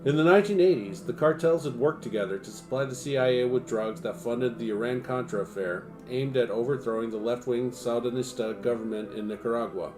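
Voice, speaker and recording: A man's voice: medium pitch, a little fast, few pauses, over music. A man on a home livestream reading nonfiction aloud and breaking off into profane, self-mocking asides. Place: home streaming setup.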